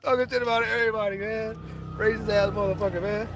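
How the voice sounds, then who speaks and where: A man's voice: high-pitched, quick pace, noisy background. A man, telling stories in a casual podcast chat and acting out the people he quotes. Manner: animated storytelling, acts out quoted people, laughs often. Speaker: podcast co-host.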